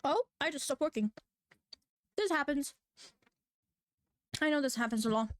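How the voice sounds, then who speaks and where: High-pitched giggly woman rambling while drawing. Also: expressive, moderate pace, no room sound. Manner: giggly, scatterbrained, playful, self-mocking; bursts into squeaky exclamations. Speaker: manga artist drawing on stream. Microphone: desk microphone.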